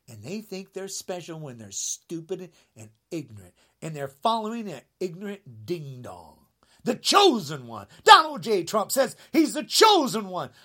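A man in his sixties delivering an angry rant to camera, indignant and sarcastic, swinging between shouted jabs and low muttering. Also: vocal fry. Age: 60s. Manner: mocking sarcasm. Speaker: vlogger.

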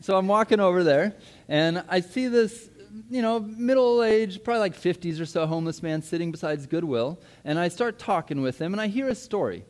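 A man in his thirties, a pastor giving a sermon, telling a personal story in a lively way and acting out his own past words. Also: sits high, moderate pace. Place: church.

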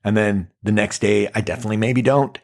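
A man in his forties hosting a casual monologue podcast, animated and self-mocking, acting out quotes with dramatic swings. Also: on the low side, quick pace, gravelly. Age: 40s. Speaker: podcast host.

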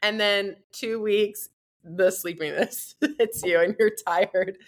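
A woman who is a guest entrepreneur and mother, chatting in an interview, laughing often and telling lively stories. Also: medium pitch, takes it slowly. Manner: laughs often, animated storytelling. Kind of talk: casual interview chat.

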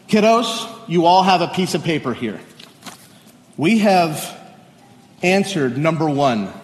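A man pastor giving a sermon, chatting casually with the congregation and reading scripture slowly and solemnly, in a church sanctuary. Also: a little high. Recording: echoey hall with long reverb.

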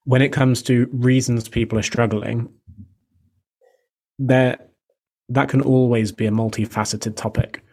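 Flat-voiced man explaining nutrition. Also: mid-range voice. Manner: measured, explanatory, even delivery. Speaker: fitness and nutrition coach. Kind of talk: podcast discussion, answering questions.

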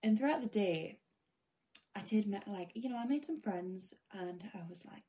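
Mellow-voiced British woman telling a story. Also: medium pitch, expressive, normal speed. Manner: chatty, rambling, often drops to a hush. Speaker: vlogger. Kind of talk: casual storytelling.

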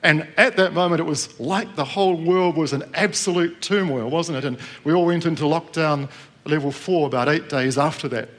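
Middle-aged man from New Zealand, sermon, chatty storyteller, slightly high voice, asks the room questions. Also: fairly bright tone. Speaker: preacher. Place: church with live congregation.

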